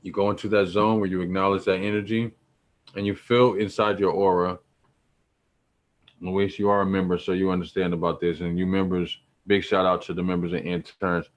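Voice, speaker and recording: A man's voice: low voice, level tone, brisk. A man teaching about spirituality in a loose, slangy, preachy way, repeating points for emphasis. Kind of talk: casual spiritual teaching talk.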